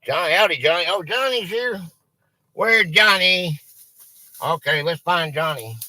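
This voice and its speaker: A man's voice: high voice, expressive, a little slow, bright, forceful tone, no room sound. A man hosting a live stream, chatting casually and greeting viewers by name.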